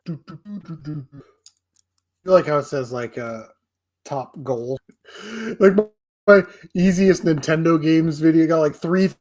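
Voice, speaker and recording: A man's voice: a little high, darkish tone. A man hosting a casual live stream, rambling, swearing and making fun of himself. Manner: rambling, profane, self-deprecating. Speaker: livestream host.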